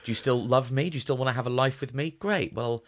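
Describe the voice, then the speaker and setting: A man's voice: medium pitch, fast talker. A man co-hosting a comedic podcast, wry and argumentative, building up little rants. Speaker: podcast co-host. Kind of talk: casual comedic chat.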